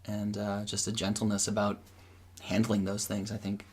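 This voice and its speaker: A man's voice: fairly low pitch, monotone, normal speed, husky. A man from the cast answering an interview question thoughtfully, rambling with many fillers. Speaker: cast member.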